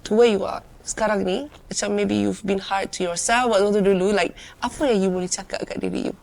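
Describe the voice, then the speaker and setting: A woman's voice: mid-range voice, steady tone, fast, vocal fry, darkish tone. A woman host with a Malaysian accent, interviewing a guest and switching between Malay and English, with many "yeah"s. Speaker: talk show host. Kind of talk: friendly interview chat.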